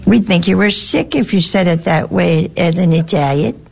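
A woman's voice: fairly low pitch, moderate pace, darkish tone. An American woman, a religious sister, giving a chatty, teasing talk full of anecdotes to a live audience. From United States. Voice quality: gravelly and husky.

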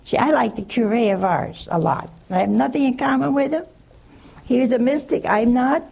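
A religious sister answering a caller on a call-in show, telling stories in a folksy, chuckling way. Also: female voice, fairly high pitch, moderate pace, creaky, a little mellow, slightly rough. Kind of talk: call-in advice with storytelling.

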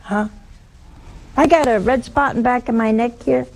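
Animated older woman giving a religious talk. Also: a little high, gravelly. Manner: animated storytelling, dramatic pauses. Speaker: religious teacher. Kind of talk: catholic teaching talk to an audience. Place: hall with live audience.

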